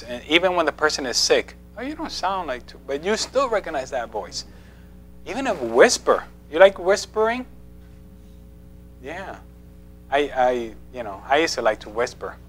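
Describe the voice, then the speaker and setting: A man's voice: mid-range voice, sing-song, normal speed, a bit bright, faint music behind. A man giving a conversational sermon in a church, playful, asking the congregation questions and laughing often. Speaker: preacher. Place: church sanctuary.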